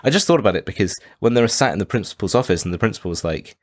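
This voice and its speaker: A man co-hosting a podcast in casual chat about a film, animated and jokey. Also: fairly low pitch, rapid-fire. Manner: animated, jokey, quotes characters in silly voices. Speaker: podcast co-host.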